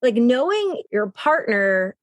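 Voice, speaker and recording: Chatty woman host with a higher, dry voice. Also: very animated, no echo. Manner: affirming and chatty, quick agreeing responses. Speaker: podcast host. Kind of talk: casual conversational interview.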